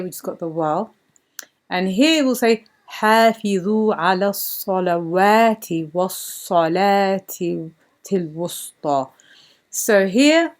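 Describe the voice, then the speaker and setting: A woman teaching Quran reading step by step, patient and repeating words slowly with many fillers. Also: medium pitch, a little mellow.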